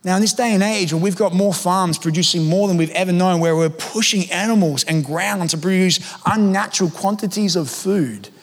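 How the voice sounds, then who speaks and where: A pastor preaches with animated, emphatic energy, slipping into casual asides to his congregation. His voice sits fairly high for a man. The sound carries the long reverb of a large church hall. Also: moderate pace, few pauses, soft background music. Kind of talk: sermon.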